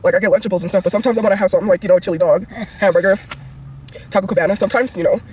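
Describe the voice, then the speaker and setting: A woman's voice: mid-range voice, racing, a little mellow, slight background noise. A woman livestreamer ranting angrily and profanely, rambling from one grievance to the next.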